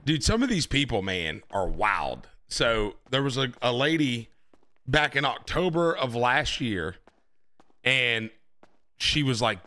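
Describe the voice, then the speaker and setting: A man's voice: medium pitch, slow. A young man, a brash, chatty streamer playing a marshal in a live roleplay. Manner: animated, brash, chatty with viewers.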